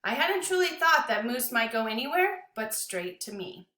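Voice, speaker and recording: Bright-voiced woman reading a story aloud. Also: a little high, normal speed, reverberant. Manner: expressive, dramatic reading.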